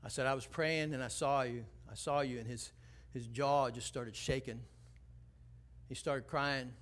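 A man preaching a sermon, telling a personal story with animated shifts between hushed, tense passages and rising emphasis. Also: a little slow. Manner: animated storytelling, drops low and quiet for tense moments, then rises and preaches. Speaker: pastor.

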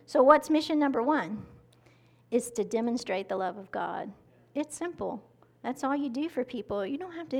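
A woman preaching a conversational sermon, close to the mic, acting out quotes as she teaches. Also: high voice. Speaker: pastor. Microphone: mic held close to the mouth.

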